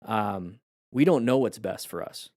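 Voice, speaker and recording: A man who coaches motorcycle riding, his voice going hoarse, talks in a reflective, rambling way with viewers on a live stream, often restarting his sentences. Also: fairly low pitch, expressive, a little slow, darkish tone, no room sound, clean studio sound.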